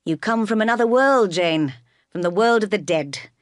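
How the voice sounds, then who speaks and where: A woman reading the lines of a teasing, brisk middle-aged gentleman. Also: mid-range voice, animated, no room sound, clean studio sound, voice pushed up, close to an everyday voice.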